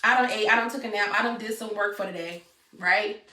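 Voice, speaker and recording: A woman's voice: medium pitch, a little fast, sharp tone. A young woman, telling viewers a personal story in a blunt storytime vlog at home. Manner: blunt, talks straight to viewers. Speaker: vlogger. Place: room at home. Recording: echoey room, mic at a distance.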